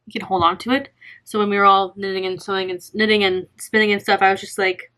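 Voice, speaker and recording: A woman's voice: medium pitch, fairly even intonation, fast, a bit bright. A young woman chatting casually to camera in a knitting vlog, gushing and rambling with lots of fillers. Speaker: knitting vlogger.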